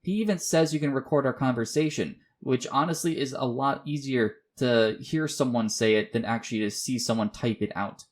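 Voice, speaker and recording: A man hosting a commentary video, reading his script somewhat haltingly in a measured, questioning tone. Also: mid-range voice. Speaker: YouTube commentary host.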